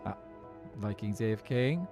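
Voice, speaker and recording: An Irish man with a fairly low, creaky voice talks at a moderate pace while streaming a game, with music playing in the background. He chats casually with his viewers, rambling and thinking out loud as he plays.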